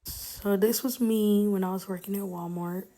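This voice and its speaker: A woman's voice: mid-range voice, fairly even intonation, normal speed, mellow, slight background noise. A young adult woman, talking candidly and rambling on a casual venting vlog. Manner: candid, rambling, heavy use of "like". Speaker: vlogger.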